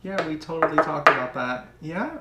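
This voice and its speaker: A man's voice: a little high, lively intonation, moderate pace, reverberant, far from the mic, background noise. A man co-hosting a podcast in casual chat, tossing out dry, sarcastic quips. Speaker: podcast co-host.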